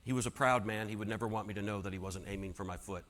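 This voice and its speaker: A man telling a personal story as a keynote speaker, dramatic and swinging from hushed to loud. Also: fairly low pitch, very fast. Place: large conference hall. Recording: long hall reverb.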